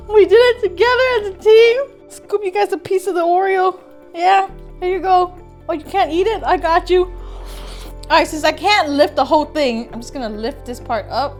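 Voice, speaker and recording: A young woman hosting a cooking vlog in a very high, girlish voice. She giggles and squeals constantly, chatting straight to her viewers, with faint music playing underneath. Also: unhurried, a little mellow. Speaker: food vlogger.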